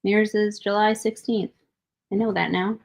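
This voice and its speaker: A young adult woman co-hosting a podcast, rambling through stories in a loose, chatty way. She swears freely and drops in quick laughing asides, her voice sitting at an ordinary middle pitch. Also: steady tone, gravelly. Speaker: podcast co-host. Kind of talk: casual chat.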